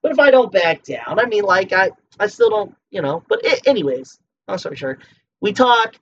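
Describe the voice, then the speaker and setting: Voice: medium pitch, big pitch swings, moderate pace, a little hiss or hum. A drunk podcast host in a heated, profane solo rant. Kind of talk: solo ranting monologue. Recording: muffled lo-fi with faint clicks.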